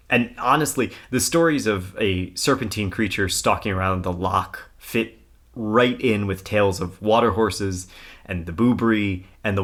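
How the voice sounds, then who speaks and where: A man's voice: lowish voice, a bit bright. A man co-hosting a podcast, telling a history story in casual chat, laughing often and reading old newspaper text aloud. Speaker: podcast co-host.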